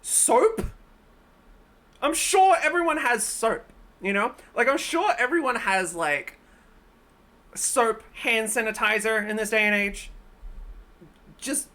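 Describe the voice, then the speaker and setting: A woman's voice: on the high side, expressive, slow, sharp tone. A woman streamer reacting casually to videos, blunt and profane, who often laughs and exclaims. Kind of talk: casual live-stream commentary.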